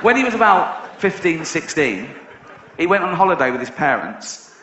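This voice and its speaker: An English male stand-up comedian telling blunt, profane stories, rising to incredulous shouts. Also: fairly high pitch, big pitch swings, moderate pace, a little hiss or hum. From England. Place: live theatre stage. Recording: echoey dull live hall recording with crowd.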